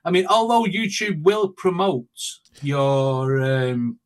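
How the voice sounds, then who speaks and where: A man talks as an interview guest, recounting stories in an animated, chatty way and acting out his own thoughts in quotes. His voice sits a little higher than most men's. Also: slow pace. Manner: animated storytelling with quoted asides and laughs. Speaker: guest, reaction video creator. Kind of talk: casual interview chat.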